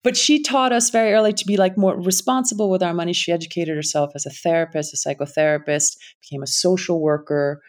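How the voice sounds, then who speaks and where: A woman's voice: lowish voice, fairly even intonation, quick pace, few pauses. A middle-aged woman with a Connecticut accent, speaking candidly and thoughtfully in an interview, sometimes trailing off. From United States. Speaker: impact investing founder and guest. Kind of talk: reflective interview talk.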